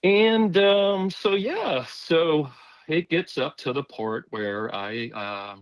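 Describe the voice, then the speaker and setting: A man's voice: on the high side, slow pace, dry recording, low-quality recording. Man rambling through a story, dry sound. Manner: rambling, animated, acts out quoted voices. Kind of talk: casual storytelling.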